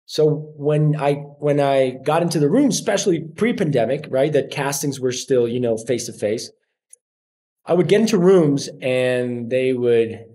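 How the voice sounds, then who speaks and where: A man in his forties with a Colombian Spanish accent, chatting as a podcast guest and telling stories with lively acted-out quotes. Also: mid-range voice, a little slow. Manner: animated storyteller acting out quoted voices. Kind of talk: casual interview chat.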